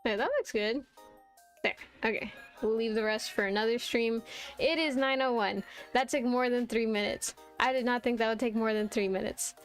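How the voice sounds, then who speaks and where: A woman's voice: on the high side, fairly even intonation, moderate pace, soft background music. A young woman streaming, chatting casually and giggling often as she rambles with self-deprecating restarts. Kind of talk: casual live-stream chat while drawing.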